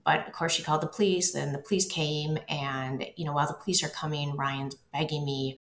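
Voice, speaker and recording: A woman telling her own story as an interview guest, halting and repeating words as she goes. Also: sits low, steady tone, a little hiss or hum. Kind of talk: personal storytelling. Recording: roomy echo.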